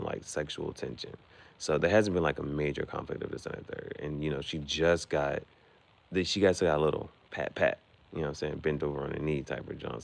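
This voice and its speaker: A man with a very deep, gravelly voice rambles through a casual movie recap. His pitch swings widely, and he keeps saying "you know what I'm saying". The sound is close and dry. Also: dry recording. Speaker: vlogger.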